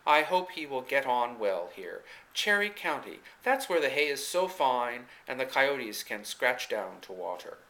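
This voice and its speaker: A man's voice: medium pitch, very animated, measured pace, few pauses, pushed and bright, full character voice, low-quality recording. A man reading as a shy, eager farm woman. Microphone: camcorder microphone.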